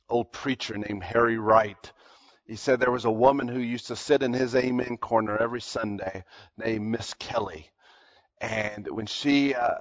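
A man preaching a sermon. His delivery swings from hushed storytelling to loud, high emphatic peaks. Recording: dull lo-fi sermon recording.

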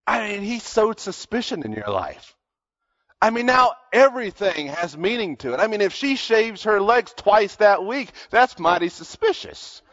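A man preaching a sermon, his voice set a little high for a man. He drops into quiet storytelling, then climbs to loud, raised emphasis. The recording sounds dull and lo-fi. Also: big pitch swings, normal speed.

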